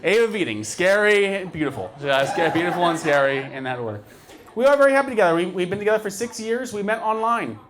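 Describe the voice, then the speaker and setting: High-voiced stand-up comedian, man. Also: animated, fast talker, a crowd in the background.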